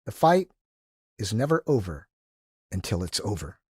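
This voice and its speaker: A man in his sixties, a podcast guest who tells animated, enthusiastic stories and acts out the quotes. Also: fairly low pitch, normal speed, slightly rough, no room sound, studio quality. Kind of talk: casual storytelling interview.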